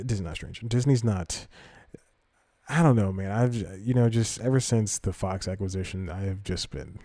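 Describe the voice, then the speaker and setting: A man with a low, mellow voice talks through the news in an offhand podcast style. He wanders and corrects himself as he goes, then reads articles aloud. The sound is dry and close to the mic. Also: no room sound. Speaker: podcast host. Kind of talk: casual podcast commentary.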